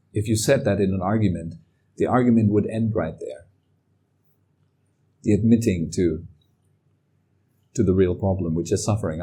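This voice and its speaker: A man giving a calm, reflective talk as a meditation teacher. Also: on the low side, husky. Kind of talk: dharma talk.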